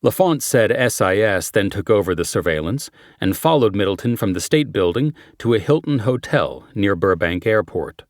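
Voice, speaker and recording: A man's voice: lively intonation, normal speed, few pauses, dry recording, clean studio sound. A man reading a crime thriller audiobook in a scripted narration style, lifting his voice for quoted lines. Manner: lifts pitch and volume for quoted dialogue, drops low for tags.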